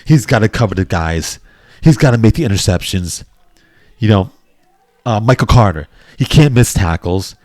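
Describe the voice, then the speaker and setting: A man's voice: on the low side, animated, moderate pace, a little mellow, no echo, studio quality. A man giving a casual sports preview in a rambling, repetitive, worked-up way.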